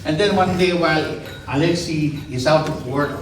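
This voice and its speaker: A middle-aged man with a Filipino accent giving a halting, joking, emotional father-of-the-bride speech at a wedding reception. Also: on the high side. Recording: echoey and distant, loud crowd noise.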